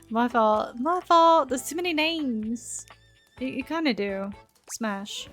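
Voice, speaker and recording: A woman's voice: on the high side, lively intonation, takes it slowly, soft background music. A young woman streaming a dating game, chatting, giggling and bantering back at the characters. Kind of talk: live game streaming commentary.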